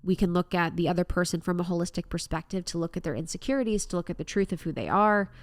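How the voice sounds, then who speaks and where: A woman's voice: lowish voice, fast talker, dry recording. A young woman hosting a solo self-help podcast, talking in an earnest, reflective way. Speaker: podcast host.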